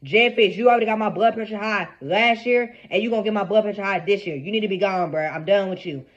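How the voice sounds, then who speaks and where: A man's voice: sits high, fast, highs cut off. A young man giving an exasperated, repetitive fan rant about his team, heavy on slang. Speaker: sports fan commentator.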